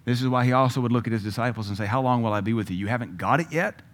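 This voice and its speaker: A middle-aged man preaching a sermon, emphatic, with loud bursts when he quotes scripture. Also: medium pitch, racing.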